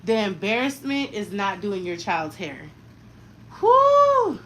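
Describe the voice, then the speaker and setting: A woman in her thirties talks frankly and at length in slangy, chatty fashion while doing her daughter's hair. Her mid-range voice is animated and moves at a moderate pace, though the recording is rough.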